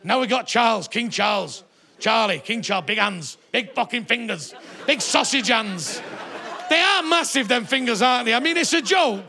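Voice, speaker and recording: A man's voice: very high-pitched, expressive, normal speed, vocal fry, bright, forceful tone, a faint crowd. A male stand-up comedian, swearing and mocking in a live comedy set in a theatre. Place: theatre stage before a live audience.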